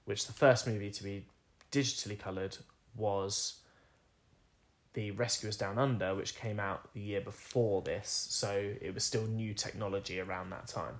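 A man's voice: fairly low pitch, fairly even intonation, moderate pace. A young man co-hosting a podcast, chatting casually, explaining at length and laughing often. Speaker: podcast co-host.

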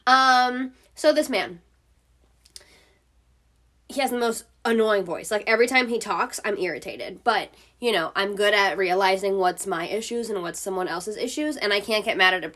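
A woman's voice: medium pitch, moderate pace, a bit bright. A woman hosting a casual solo podcast from home, telling stories in a chatty way, swearing freely and filling her talk with "like.". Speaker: podcast host.

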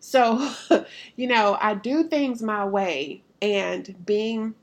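A woman's voice: mid-range voice, drawn-out words. A woman in her thirties with a Southern Alabama accent, hosting her podcast in a chatty, candid way as a pastor and therapist. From Alabama, US Southern states. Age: 30s. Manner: chatty and candid, with frequent fillers and laughter. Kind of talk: casual podcast monologue.

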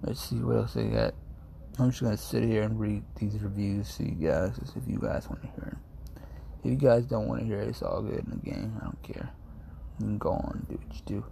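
A man's voice: on the low side, brisk, gravelly, warm tone, a little hiss or hum. A man chatting casually to his viewers, rambling and easily distracted, full of slang and amused asides. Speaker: streamer reading reviews to viewers. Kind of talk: casual chat.

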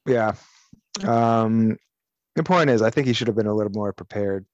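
A man's voice: fairly low pitch, moderate pace, no echo, dull audio. A man co-hosting a podcast, chatting casually, rambling and swearing, with strong opinions. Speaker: podcast co-host.

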